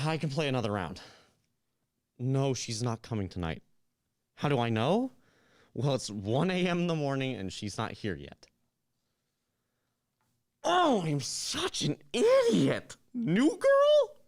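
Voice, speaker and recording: A young man acting in a live reading of a new play, playing an anxious gamer who is lovesick and resentful toward his best friend. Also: on the high side. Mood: flustered. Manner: nervous, flustered, turning bitter and accusing. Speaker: stage actor in a play reading.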